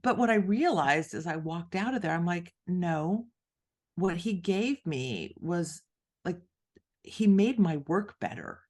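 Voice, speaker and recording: A middle-aged woman speaks slowly at a fairly low pitch as a podcast guest. An author, she tells a story in conversation with lots of animation, performing the voices of the people involved.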